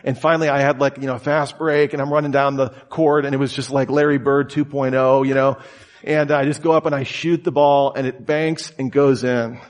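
A man's voice: level tone, a little fast. A man preaching a conversational sermon, telling stories casually with lots of fillers and acting out quotes. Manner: casual and storytelling, many "you know" and "like" fillers; acts out quoted voices with sudden high shouts. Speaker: pastor.

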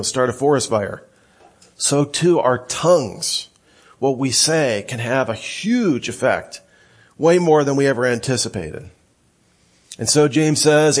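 A male pastor preaching a sermon, reading scripture aloud and telling stories in an animated way. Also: medium pitch. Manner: animated storytelling, quoting scripture.

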